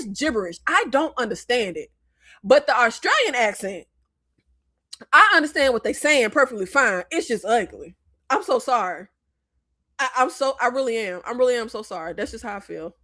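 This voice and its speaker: She chats casually on a movie livestream at a fairly quick clip, her bright, high voice carrying a Southern American upbringing. Laughter comes often as she meanders through her views, and she frequently stops to say sorry.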